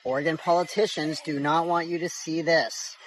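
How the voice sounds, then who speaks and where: A man's voice: fairly high pitch, fairly even intonation, moderate pace, slight background noise, poor audio. A man delivering earnest, indignant commentary while filming on the streets. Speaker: street video creator. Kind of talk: filmed commentary.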